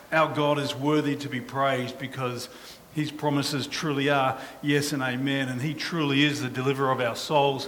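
A man's voice: a little high, a bit bright, in a large hall, slight background noise. A man pastor preaching and praying with a fervent, repetitive cadence. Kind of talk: sermon and prayer.

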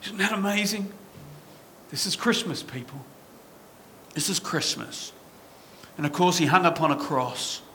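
A man's voice: sits high, animated, unhurried, pauses often, sharp tone, a little hiss or hum. A man preaching a sermon as pastor, passionate and full of rhetorical questions to his congregation.

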